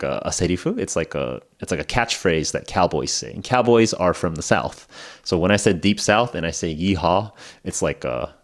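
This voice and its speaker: A man hosting an English-learning podcast, talking in a casual, rambling way with lots of fillers and laughing at himself. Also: sits low. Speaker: podcast host teaching English. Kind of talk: casual spoken lesson. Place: lives in Japan.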